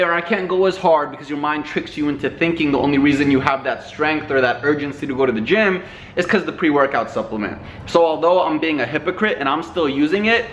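Upbeat young man vlogging. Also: a bit bright. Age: young adult. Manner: playful, laughs often, coaxing high voice with his dogs. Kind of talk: casual vlog chat. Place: at home, later in a car.

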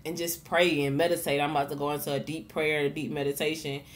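A woman with a fairly low voice gives a casual tarot reading as a vlog. She talks in a frank, swearing, encouraging way and keeps restarting her phrases. A faint noise sits under her voice. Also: level tone, fast. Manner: loose, repeats and restarts words. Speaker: tarot reader and vlogger. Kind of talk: casual motivational tarot talk.

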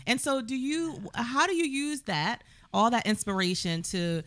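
A woman's voice: on the high side, a little slow. Upbeat woman talk show host. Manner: upbeat, playful, laughs easily. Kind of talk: casual interview chat.

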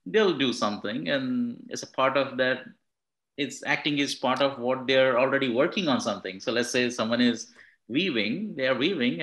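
A man's voice: medium pitch, fairly bright tone, poor audio. A man, a film director giving a thoughtful interview answer and restarting his phrases as he explains. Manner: thoughtful, repeats words and restarts while explaining.

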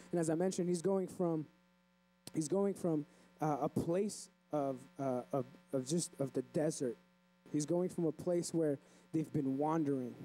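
Warm high-voiced man preaching. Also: poor audio. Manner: conversational, repeats and restarts words. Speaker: pastor. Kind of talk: sermon. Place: church.

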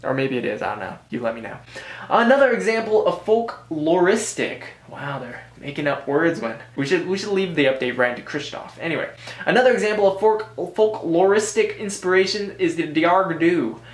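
With a slightly high, animated voice at a moderate pace, an American board game reviewer chats his way through a casual review. Joking asides and repeated self-corrections fill his rambling talk, captured with a roomy echo.

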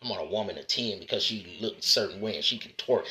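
Bright-voiced man lecturing other men. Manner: street-style lecturing, repeatedly calling the listener "man" and "brother"; emphatic, swings between loud punchy lines and low drawn-out asides. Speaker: motivational speaker addressing men. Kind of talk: preachy direct-to-camera monologue.

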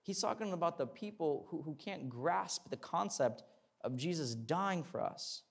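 A man's voice: fairly high pitch, animated, a little slow, creaky, slightly rough. A young man preaching a sermon in a conversational way, with repeated words and tag questions, building to fervent emphasis. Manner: repeats words and restarts, uses "like" and "right?".

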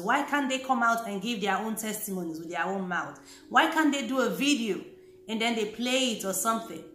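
A Christian vlogger with a mid-range voice talks casually and earnestly to camera, addressing fellow Christians. She repeats her key points as she warns them, and the audio is reverberant.

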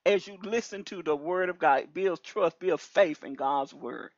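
A woman minister giving an animated testimony over a phone call, preachy and repetitive, her voice leaping high when excited. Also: normal speed, dry recording. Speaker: deliverance minister. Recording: dull lo-fi call audio.

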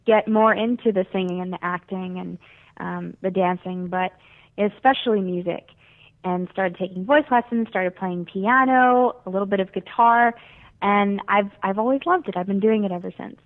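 A woman's voice: medium pitch, fairly even intonation, moderate pace. A fifteen-year-old girl from South Florida, a singer being interviewed, talking earnestly and chattily with lots of fillers. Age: teens. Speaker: guest singer. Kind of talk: phone interview. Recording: tinny phone line.

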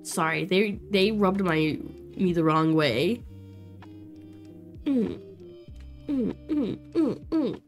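A young woman streaming a life-sim game, chatting to her viewers in an excitable way with frequent exclamations and laughs. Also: lowish voice, drawn-out words, long pauses, soft background music. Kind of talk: casual let's play commentary.

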